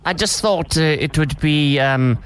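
A man's voice: a little high, unhurried, fairly bright tone, clear, resonant tone. A man putting on a breathless, flirty fifty-something woman. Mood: sweetly pushy. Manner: breathless, suggestive, sweet-talking. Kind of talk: prank call role-play.

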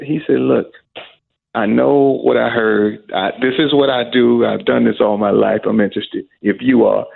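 A middle-aged man with a gravelly, husky voice tells a lively story as an interview guest. He acts out the voices of the people in his tale. The sound is thin and phone-like. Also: medium pitch, moderate pace. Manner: animated storyteller who acts out quoted voices. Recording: phone-like narrow audio.

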